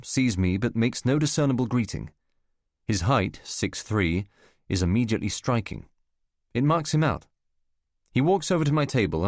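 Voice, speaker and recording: A man with a low, deep voice narrates a first-person spy novel in a measured, wry way. The recording is dry and close, with no room sound. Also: dry recording. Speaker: audiobook narrator.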